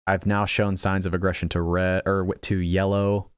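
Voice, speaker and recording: This gaming channel host, a young man, sits low in pitch and speaks flatly at a moderate pace in a smooth voice. Recorded dry and at studio quality, he casually narrates his strategy game, thinking aloud, joking at his own misplays, and frequently starting over.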